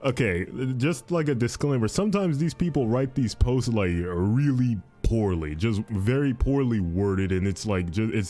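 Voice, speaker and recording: A young man hosting a casual podcast, commenting on advice posts, repeating himself a lot and often saying "dude". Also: fairly low pitch. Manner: repetitive, animated, says "dude" and "fiendish".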